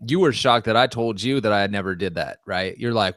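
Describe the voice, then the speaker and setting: A man's voice: on the low side, fast, hardly any pauses, fairly bright tone, no echo, clean studio sound. A man in his thirties co-hosting a podcast, joking around in slangy casual chat. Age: 30s. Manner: slangy, joking, says "dude" a lot. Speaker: podcast co-host.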